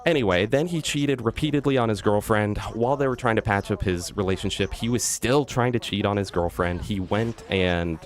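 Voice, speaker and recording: A man livestreaming a video game, ranting to his chat in a lively, mocking way. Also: lowish voice. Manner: ranting, animated, mocking impressions. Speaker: streamer. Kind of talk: live gameplay stream chat. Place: loud room.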